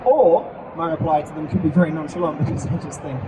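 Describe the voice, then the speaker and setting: A man's voice: a little high, quick pace, far from the mic. Playful male co-host on a noisy convention stage. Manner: chatty, playful, explaining with acted examples. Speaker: co-host teaching character creation. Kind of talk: live stage talk at a fan convention.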